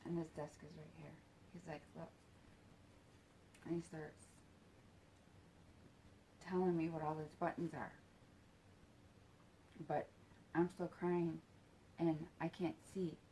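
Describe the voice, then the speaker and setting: A woman telling a personal story in a halting, soft-spoken way, with casual swearing. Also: sits low, flat delivery, a little hiss or hum.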